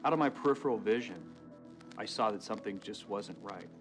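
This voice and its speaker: A man in his twenties giving halting, reflective testimony about surviving a robbery, in a documentary interview. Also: lowish voice, over music, rough recording. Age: 20s. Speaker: survivor telling his story.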